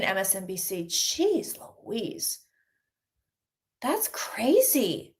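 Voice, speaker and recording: A woman's voice: medium pitch, sing-song, very slow. A woman, a psychic reader, chatting through a live-streamed tarot reading and answering questions from the chat.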